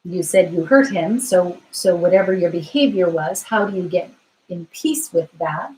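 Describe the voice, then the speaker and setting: A woman tarot reader answering viewer questions on a live stream, gentle and reassuring, thinking aloud with frequent fillers. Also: on the low side, lively intonation, moderate pace, poor audio.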